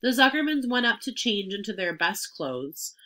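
Bright-voiced woman reading a children's book. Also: mid-range voice. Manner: expressive, pauses to explain words. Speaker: reader.

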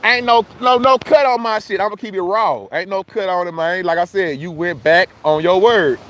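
A high-pitched man in holds forth on a casual phone livestream outdoors. He is loose, profane and argumentative, calling out viewers by name and repeating his points. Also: moderate pace, fairly bright tone. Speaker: livestream host.

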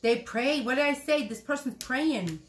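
A woman's voice: high voice, expressive, moderate pace. A woman doing a casual tarot reading, blunt and profane, repeating her points. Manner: acts out quoted lines loudly. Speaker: tarot reader.

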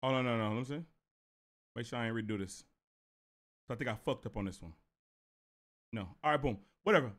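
A man's voice: mid-range voice, fairly quick, pauses often, slight background noise. A man streaming live, telling a story to his chat in a casual, profane way. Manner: animated and profane, talks straight to viewers.

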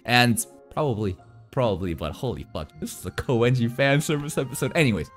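A young man chats through an anime episode in a loose, unscripted way. He is quick to get excited and swears freely. His pitch jumps around widely while he talks, and faint music plays behind him. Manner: wry, playful running commentary. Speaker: anime reaction streamer. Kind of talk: casual live reaction commentary.

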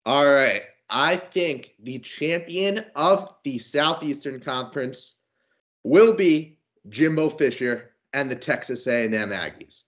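A man's voice: mid-range voice, expressive, slow, a bit bright. A man co-hosting a casual sports podcast, upbeat and teasing, with plenty of fillers. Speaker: podcast co-host.

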